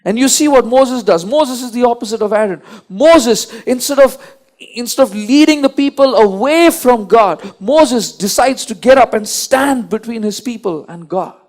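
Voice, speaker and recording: A man's voice: extremely high pitch, expressive, moderate pace, a little mellow. A man preaching a sermon, emphatic and repetitive, often restarting his sentences.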